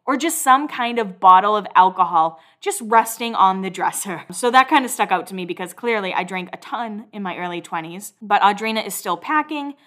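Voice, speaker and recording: A woman's voice: mid-range voice, lively intonation, brisk, hardly any pauses, a bit bright. A woman in her thirties, casually recapping a reality show as a podcast host, laughing often and swearing offhandedly.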